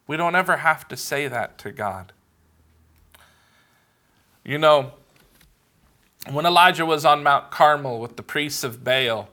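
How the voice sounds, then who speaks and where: A male pastor delivers a sermon in an earnest, measured way, pausing to stress his points. He speaks slowly, with a bright, forceful edge to his voice. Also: on the high side. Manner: earnest, measured preaching with emphatic pauses.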